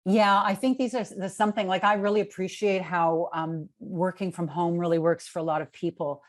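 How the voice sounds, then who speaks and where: A middle-aged woman answering questions on a video call, telling stories in a relaxed way with many fillers and restarts. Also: fairly low pitch, normal speed. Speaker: keynote speaker.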